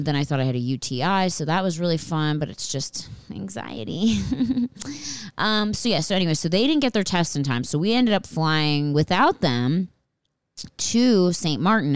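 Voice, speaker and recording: Woman host, low and smooth, profane rambling storyteller. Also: no echo. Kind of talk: casual storytelling monologue.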